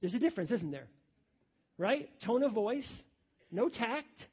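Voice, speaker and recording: A man's voice: very high voice, sing-song, measured pace, a little mellow, breathy edge. A man preaching a sermon, emphatic and repeating his key phrases, calling listeners his friends.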